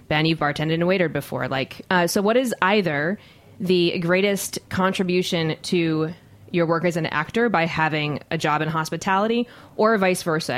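A woman co-hosting a radio talk show, asking guests questions in a chatty, enthusiastic way. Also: sits low. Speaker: co-host.

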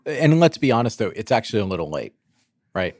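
A man co-hosting a casual roundtable podcast, lively and teasing, with many fillers. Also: on the low side, fast, dry recording. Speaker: podcast co-host.

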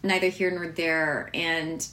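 A woman's voice: deep voice, level tone, slow, bright, forceful tone. An American woman chef telling her story in an interview, chatty and full of fillers and restarts, laughing now and then. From United States.

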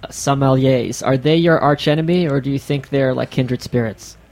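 Gravelly wry male co-host. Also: medium pitch, a little fast, darkish tone. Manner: wry, self-deprecating humor. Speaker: guest co-host. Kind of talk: casual interview chat.

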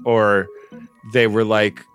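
A man's voice: on the low side, flat delivery, slow, fairly bright tone, soft background music. A man co-hosting a comedy podcast, rambling through loose, casual banter. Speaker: podcast co-host.

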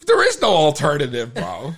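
A man's voice: a little high, normal speed, slightly rough. A tipsy man hosting a podcast, telling stories in casual banter with lots of swearing and stumbling over his words. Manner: profane, animated storytelling. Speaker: podcast host. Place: podcast studio.

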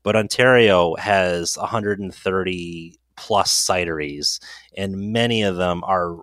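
Deep-voiced man, dry close sound. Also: no echo. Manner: relaxed, chatty, repeats words. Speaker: cider reviewer, guest. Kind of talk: casual interview talk.

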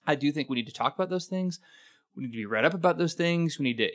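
A man's voice: a little high, animated, fast talker, fairly bright tone. A man co-hosting a discussion podcast, talking earnestly and emphatically about church teaching. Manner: earnest, emphatic, runs sentences together. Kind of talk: casual discussion.

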